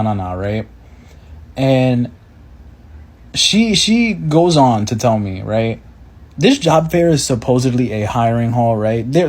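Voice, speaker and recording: A man's voice: mid-range voice, a little mellow. A man ranting to the camera in frustration about job hunting, often tossing in "right?" as he tells a story. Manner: frustrated, repeats "right?" a lot. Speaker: job seeker.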